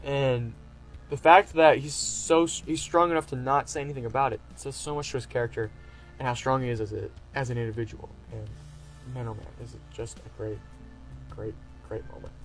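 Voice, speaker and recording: A man's voice: mid-range voice, fairly even intonation, normal speed, faint music behind. A man giving a casual, enthusiastic review, rambling with lots of fillers. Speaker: anime reviewer.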